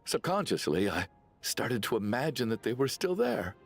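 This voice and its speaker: An actor playing a weary, grieving middle-aged father in a video game, confessing slowly with heavy sighs. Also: medium pitch, big pitch swings, gravelly, soft background music. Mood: sorrowful. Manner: slow, heavy, sighing confession. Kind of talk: game voice acting.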